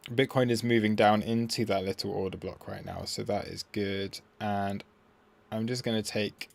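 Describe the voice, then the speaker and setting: Here a man hosts a trading stream, musing aloud over the charts with loose, self-deprecating chatter. He sounds on the low side with a steady tone, speaks at a normal speed, and has vocal fry.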